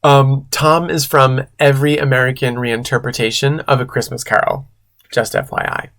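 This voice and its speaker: A man, a drag queen host, reading fan fiction aloud and breaking off for sarcastic, deadpan commentary. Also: medium pitch, normal speed, vocal fry. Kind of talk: comedic read-aloud with commentary.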